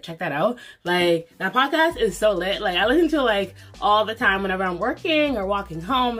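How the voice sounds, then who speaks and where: A young woman hosting a casual reaction vlog, bubbly and hyped up, filling her talk with "like". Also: medium pitch. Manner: bubbly, hyped-up, lots of "like" and "get it". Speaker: reaction video host. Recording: music video playing loudly behind.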